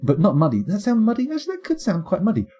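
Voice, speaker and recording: A man's voice: high voice, huge pitch swings, racing, mellow, slightly rough. A man streaming a game live, rambling and playful as he thinks aloud.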